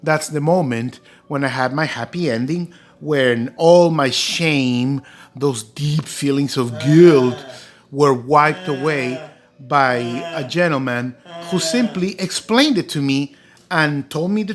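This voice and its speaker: A man's voice: on the high side, fairly bright tone. A man vlogging to a phone, telling a personal story in an earnest, rambling way full of fillers. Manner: earnest, rambling, heavy with "you know" and "um". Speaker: doll collector vlogger.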